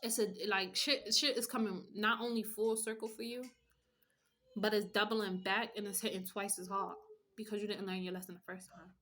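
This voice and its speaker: A woman's voice: mid-range voice, fairly even intonation, normal speed, fairly bright tone. Blunt, profane woman reading tarot. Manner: blunt, profane, streetwise slang, pep-talk. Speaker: tarot reader. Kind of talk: casual tarot reading monologue.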